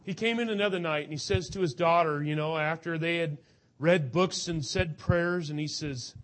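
Male preacher, earnest and emotional, voice a little high, urging his listeners. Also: normal speed, fairly bright tone. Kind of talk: sermon.

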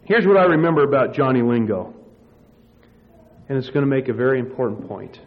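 A man's voice: mid-range voice, lively intonation, brisk. A man preaching a sermon, telling a story with many restarts before reading scripture. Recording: muffled lo-fi sermon recording.

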